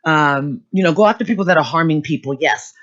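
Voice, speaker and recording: A woman's voice: low-pitched, a little fast, fairly bright tone. Rambling woman co-host, dull lo-fi sound. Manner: rambling, many fillers and "you know". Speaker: podcast co-host. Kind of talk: casual chat.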